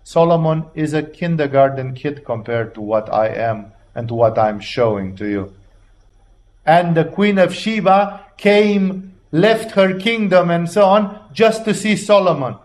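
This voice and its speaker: Man preaching in blunt, animated style. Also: on the high side, a little slow. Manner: animated, acts out voices of biblical figures, blunt and profane. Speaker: religious teacher. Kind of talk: informal sermon on the Gospel.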